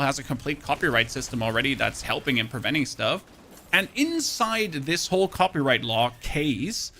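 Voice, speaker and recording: Rambling German game streamer. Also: male voice, on the high side, bright, forceful tone, a little hiss or hum. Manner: rambling, repeats words and restarts often; reads out and thanks chat subscribers. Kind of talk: casual live-stream chat while gaming.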